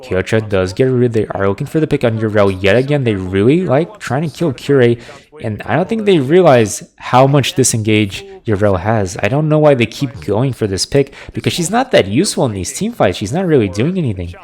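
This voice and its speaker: A man casting a video game match with live play-by-play, analytical and getting excited on big plays. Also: medium pitch, fairly quick. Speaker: esports caster.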